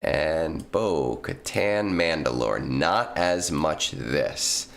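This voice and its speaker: Low-voiced man giving blunt game advice. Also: lively intonation, very slow, vocal fry, a bit bright. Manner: blunt and profane, with frequent fillers. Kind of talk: casual livestream advice.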